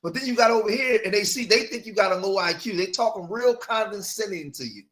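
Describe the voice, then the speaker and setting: A man hosting and commenting on a debate, explaining points in a steady, drawling way. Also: high voice, fast.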